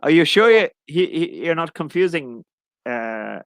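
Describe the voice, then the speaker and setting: Gravelly Irish man chatting. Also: fairly high pitch, big pitch swings, unhurried, dry recording. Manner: rambling, self-correcting, jokey. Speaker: English teacher. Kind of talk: casual live chat.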